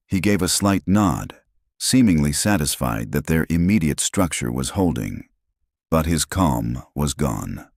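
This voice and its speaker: Extremely deep-voiced male story narrator. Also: darkish tone, dry recording, studio quality. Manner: dramatic, suspenseful delivery.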